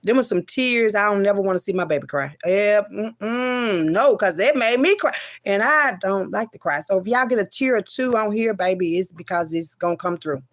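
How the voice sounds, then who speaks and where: Woman, personal storyteller, mid-pitched, profane and emphatic, loud bursts then low mutters. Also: animated, moderate pace. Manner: profane, emphatic, many repeated refusals; swings between loud outbursts and low murmurs. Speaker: mother telling a personal story.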